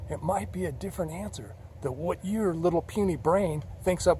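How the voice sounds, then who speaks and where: A man telling a personal story in a rambling, halting, earnest way. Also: fairly high pitch, warm tone, slight background noise. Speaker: vlogger.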